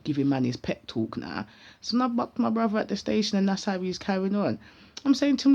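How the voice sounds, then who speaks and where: A woman with a British accent full of London street slang, telling a personal story in an animated, casual vlog. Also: medium pitch, a little fast, gravelly, highs cut off.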